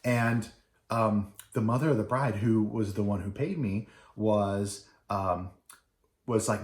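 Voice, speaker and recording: A man's voice: on the low side, takes it slowly. A middle-aged man, a wedding DJ, casually telling a story with many fillers and restarts. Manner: rambling with many fillers and restarts, acting out quoted people. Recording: echoey room.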